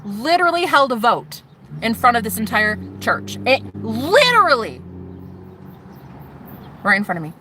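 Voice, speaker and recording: A woman vlogger telling her personal story to camera, animated and sassy, swearing freely and calling the viewer "honey". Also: fairly high pitch, a little slow, pauses often, background noise. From United States. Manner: swears freely, shouts mocking retorts.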